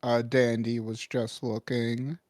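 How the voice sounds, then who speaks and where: Slow, dry-sounding male game master. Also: medium pitch, little pitch movement, a little mellow, no echo. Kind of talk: narrating a tabletop game.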